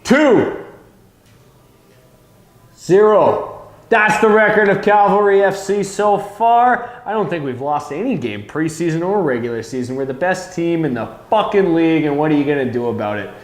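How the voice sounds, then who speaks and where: A man co-hosts a pub talk show in a slightly higher voice than most men. He brags about his team with a brash, swearing swagger. An echoey room wraps around his voice. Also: expressive, normal speed. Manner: brash, profane sports boasting. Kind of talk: casual bar talk.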